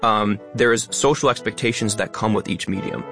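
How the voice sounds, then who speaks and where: A man, talking fast and stressing many words as an interview guest explaining his work as a video creator. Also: fairly low pitch, a bit bright, faint music behind. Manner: fast talker. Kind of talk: casual interview talk.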